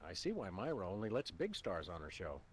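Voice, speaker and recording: A man voicing a dry, deadpan dog detective in a comedy adventure game. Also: sits low, brisk, slight background noise. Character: deadpan anthropomorphic dog detective, adult male.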